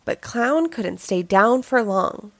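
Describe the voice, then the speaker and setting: A woman reading a children's picture book aloud, telling the story in a slow, expressive way. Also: mid-range voice, no echo.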